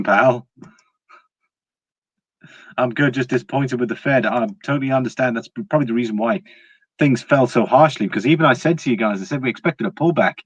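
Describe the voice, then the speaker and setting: A man's voice: mid-range voice, no echo, muffled recording. A man hosting a casual livestream, chatting to viewers, laughing often and restarting his words. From Britain. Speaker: livestream host.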